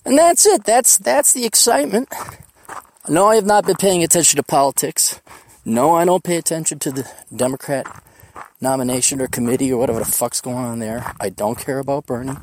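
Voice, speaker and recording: A man's voice: on the high side, brisk, a little mellow. Profane, rowdy man talking on a hike. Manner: profane, boisterous, jokey. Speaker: podcast host. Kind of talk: casual rambling monologue. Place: outdoors on a mountain hiking trail.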